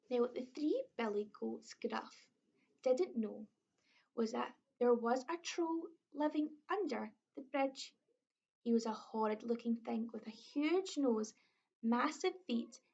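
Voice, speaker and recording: A woman with a Scottish accent reading a children's story aloud, expressive, slow and clear. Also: fairly high pitch. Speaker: early years storyteller. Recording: dull lo-fi recording.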